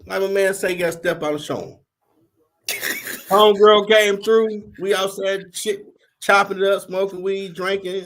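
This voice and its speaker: A middle-aged man, hosting a podcast and telling a story in casual slang, acting out the other people's lines. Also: high-pitched. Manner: animated, slangy, acts out quoted voices. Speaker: podcast host.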